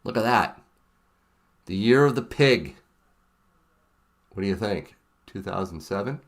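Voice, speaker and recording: Animated middle-aged male stream host. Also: on the low side, measured pace. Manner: animated, chatty, laughs often. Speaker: livestream host. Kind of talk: casual livestream chat.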